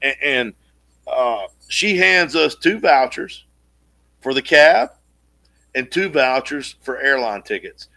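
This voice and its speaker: A man co-hosting a casual podcast, telling a long story in an animated way and acting out the quotes, with casual swearing. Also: mid-range voice, takes it slowly, creaky. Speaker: podcast co-host.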